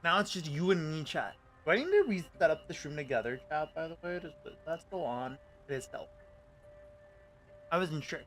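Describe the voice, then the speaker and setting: A man's voice: fairly high pitch, animated, normal speed, a bit bright, soft background music. A man streaming live, chatting with viewers in a rambling, playful way. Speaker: VTuber streamer. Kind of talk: casual livestream chat.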